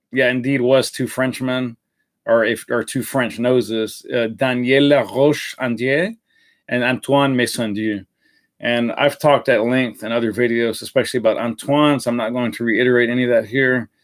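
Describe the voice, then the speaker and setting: A man hosting a live fragrance review in a casual, rambling way, with many fillers and self-corrections. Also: medium pitch.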